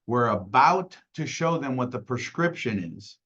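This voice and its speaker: A man's voice: medium pitch, lively intonation, measured pace, a bit bright, dull audio. A man leading a casual sales training call, talking conversationally and acting out clients, with many "right?" tags.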